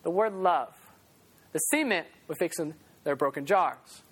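A young male preacher delivering a sermon in a loud, animated way, breaking into laughs between points. His voice sits high for a man. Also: measured pace, husky.

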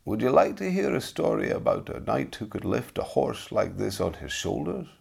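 Kindly older storyteller, gentle and inviting, from a storybook reading, read by a man. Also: lowish voice, sing-song, moderate pace, gravelly, slightly rough, full character voice.

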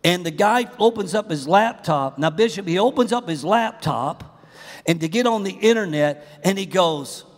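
A middle-aged man preaching a humorous, animated sermon in a large church auditorium. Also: high voice, moderate pace, big-room sound. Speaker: pastor.

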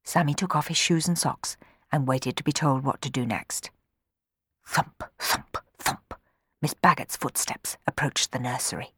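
A woman reading a children's storybook aloud in an expressive way, changing her voice for the characters. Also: very deep voice, measured pace, slightly rough, dry recording, clean studio sound.

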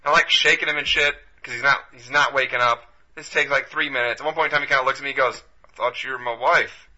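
A man co-hosting a podcast, telling a long story in a laid-back, profane, deadpan way. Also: mid-range voice, quick pace. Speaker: podcast co-host. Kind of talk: casual storytelling chat. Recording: dull lo-fi podcast audio.

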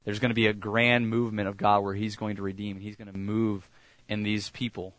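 A man preaching a sermon in a conversational way, often dropping soft and low on key lines. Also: level tone, fairly quick, no room sound. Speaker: pastor.

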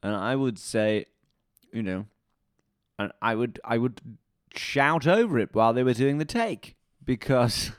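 A man, playing a dialect coach as a comedy guest, who rambles deadpan and bursts into loud silly voices. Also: medium pitch, a little slow, clean tone, dry recording, studio quality. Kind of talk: deadpan comic interview.

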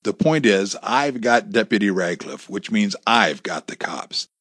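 A man's voice: fairly low pitch, lively intonation, unhurried, a bit bright, no echo, studio quality. A man voicing a cruel, bossy male gunman who barks orders. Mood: smug. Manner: barking, bullying orders. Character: menacing armed male thug, bossy, cruel.

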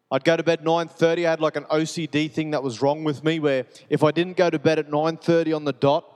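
Casting: male pastor, earnest sermon delivery, slightly higher voice, reverberant church hall. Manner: earnest, repetitive preaching cadence, shifting between soft and urgent. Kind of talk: sermon with personal testimony. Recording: long reverb of a large hall.

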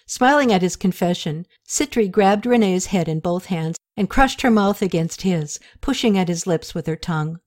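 A woman narrating a story aloud in a steady, even manner, her voice set slightly low. The delivery is measured and consistent from line to line. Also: no echo, studio quality. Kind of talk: audiobook narration.

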